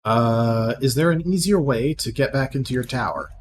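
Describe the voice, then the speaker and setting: A man hosting a let's play, casually thinking aloud and asking game characters questions, over clear background noise. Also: medium pitch, moderate pace. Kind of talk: gameplay commentary.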